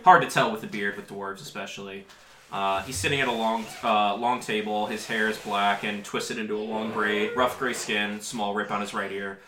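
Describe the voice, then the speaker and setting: A man narrating as game master, in a casual and halting way. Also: fairly low pitch, fairly even intonation, reverberant, a crowd in the background.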